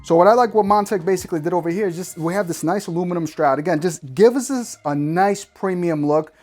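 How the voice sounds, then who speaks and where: Casting: New male tech reviewer, slangy, ranting, slightly high voice, faint music under him. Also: quick pace. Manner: slangy, emphatic, animated ranting. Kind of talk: casual hands-on product review.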